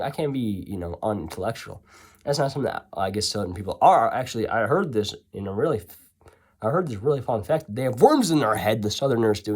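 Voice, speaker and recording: A man's voice: mid-range voice, husky. A man telling a story in a casual, rambling way, full of sarcastic asides and self-corrections.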